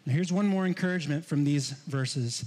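A man preaching a sermon to his congregation, animated, swinging between loud emphasis and hushed asides. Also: on the high side, a little fast. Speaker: pastor. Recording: long hall reverb.

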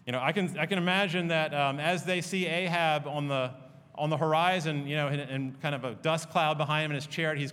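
A man preaching a sermon, telling the story in a conversational, animated way with fillers and asides. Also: a little high, long reverb tail. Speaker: pastor.

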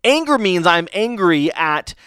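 Male pastor, slightly high voice, casual halting delivery, dry recording. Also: very animated, bright, forceful tone, clean tone, no echo. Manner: halting, frequent restarts, rhetorical "right?". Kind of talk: conversational sermon.

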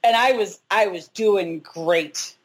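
Speaking slowly in a mid-range voice, a woman in her forties shares a personal story as an interview guest. She's a hiker, chatty and candid, poking fun at herself, and the recording is low quality.

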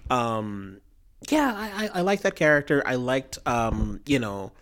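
A woman's voice: rumbling low, a little slow, a little hiss or hum. A woman co-hosting a casual chat about a TV show, talking in a chatty way with many fillers and restarts. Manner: chatty, lively, hesitant with fillers.

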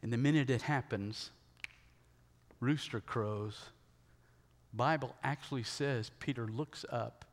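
A male pastor delivers a sermon at an unhurried, deliberate pace, his voice mid-pitched. He tells the story with emphasis and pauses to check in with rhetorical asides. A long hall reverb trails behind every phrase.

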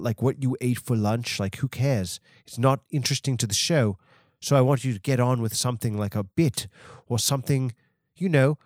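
A man voicing a bossy male friend who lectures him, pushy and raised in pitch. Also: a little mellow, dry recording, clean studio sound, close to an everyday voice.

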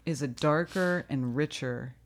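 A woman's voice: sits low, unhurried, very noisy. A middle-aged woman hosting a podcast in casual chat, playful and laughing as she explains. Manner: chatty, laughing, playful imitations. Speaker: podcast host.

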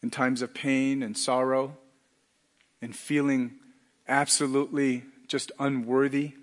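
A middle-aged male pastor preaching a sermon earnestly, dropping to a hush and then rising to loud emphatic lines. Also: mid-range voice, level tone, unhurried, in a large hall.

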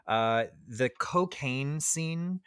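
A man hosting a podcast, talking casually about films with hesitant restarts and animated retellings. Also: mid-range voice, very slow, clear, resonant tone, dry recording, clean studio sound. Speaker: podcast host. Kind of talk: casual film discussion.

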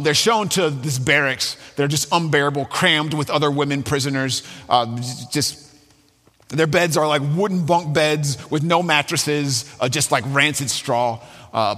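A man's voice: fairly high pitch, normal speed, pushed and bright, long reverb tail. A man preaching a sermon as a pastor, telling a story with fillers and restarts.

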